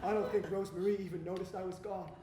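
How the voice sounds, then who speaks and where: An actor playing a sad, needy, self-pitying husband in a live comic stage monologue, grumbling and then bursting into shrill yelling. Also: male voice, fairly even intonation, fast, very noisy, close to an everyday voice. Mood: glum. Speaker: stage comedy performer. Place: theatre stage with a live audience. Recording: echoey live stage recording with crowd and music.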